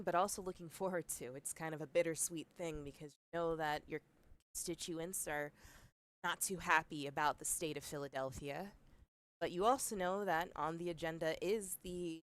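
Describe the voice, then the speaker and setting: A woman as game master, narrating scenes in a tabletop game with slow, measured delivery. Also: low voice, fairly bright tone, clear, resonant tone, no room sound.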